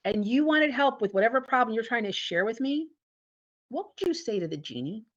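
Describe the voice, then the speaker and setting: A woman, a company founder, telling lively stories in an interview and acting out the dialogue. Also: a little high, brisk. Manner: animated storyteller acting out dialogue. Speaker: guest, founder and CEO. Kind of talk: casual interview storytelling. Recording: dull lo-fi audio.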